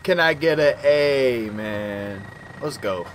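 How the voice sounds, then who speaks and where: A man's voice: mid-range voice, animated, slow, slight background noise. A man giving casual gameplay commentary, trash-talking with lots of slang. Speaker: gaming YouTuber. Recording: game gunfire loud in background.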